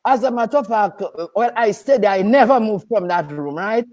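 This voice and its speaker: A woman's voice: medium pitch, lively intonation, a little fast, warm tone. An older woman, a nurse and midwife from Dominica, chatting as a radio guest in an emphatic way, firmly repeating her no's. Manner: emphatic, repeats herself, firm "no, no, no". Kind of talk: casual radio chat.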